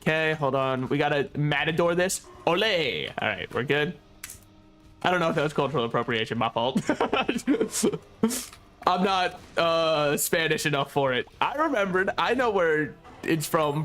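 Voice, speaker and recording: A man's voice: a little high, fairly bright tone. Joking, swearing young male streamer. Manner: joking, sarcastic, laughs often, swears freely. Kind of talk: casual gameplay commentary. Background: faint game music.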